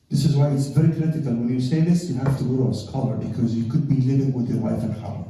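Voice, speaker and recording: Animated male preacher in an echoey hall. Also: medium pitch, slight background noise. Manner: animated, acts out dialogues. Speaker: Islamic lecturer. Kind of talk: humorous sermon lecture. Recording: roomy hall, mic far off.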